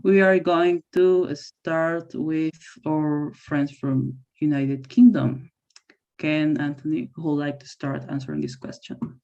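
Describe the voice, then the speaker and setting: Moderator, slow and deliberate. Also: medium pitch, fairly even intonation, a little mellow, lo-fi sound. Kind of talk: moderating a bilingual exchange.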